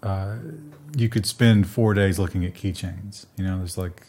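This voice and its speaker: Man, tech news co-host, somewhat low voice, casual, dry sarcasm. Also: steady tone, normal speed, darkish tone, slightly rough.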